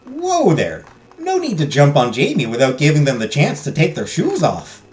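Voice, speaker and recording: A joking, folksy mother with a put-on North Dakota accent, as a man voices her. Her voice sits up high and swings wide with playful lilt. The room rings, with soft music underneath. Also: wildly swooping pitch, normal speed, reverberant. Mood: teasing. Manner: teasing, wry. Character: cheerful middle-aged mother with a folksy accent.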